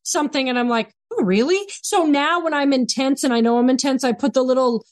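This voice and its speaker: A woman's voice: sits high, fairly even intonation, quick pace, no room sound. A woman guest on a casual podcast interview, talking animatedly about parenting and acting out dialogue with her son. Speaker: guest, behavior consultant.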